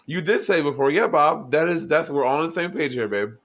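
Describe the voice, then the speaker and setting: A man with a New York accent, co-hosting a podcast in a casual, excitable chat, cussing freely and speaking in emphatic bursts. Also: fairly high pitch, a little fast. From New York City. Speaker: podcast co-host.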